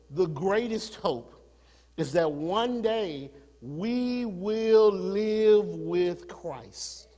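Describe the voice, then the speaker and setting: A pastor delivers a sermon in a church, his fairly high voice ringing with a long hall reverb. He starts in an easy, conversational register and climbs into fervent, rising preaching. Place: church sanctuary.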